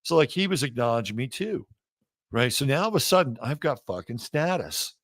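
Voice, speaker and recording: A man hosting an astrology show, talking casually in a halting way with many fillers and restarts. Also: mid-range voice, big pitch swings, fairly bright tone, no room sound. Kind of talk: casual spoken monologue.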